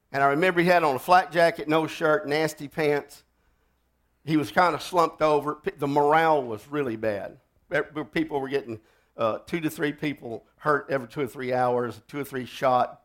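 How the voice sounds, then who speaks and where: An older man preaching a sermon, telling a war story with loud outbursts that drop to a hush. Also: a little high. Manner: dramatic storytelling, swings from loud outbursts to hushed.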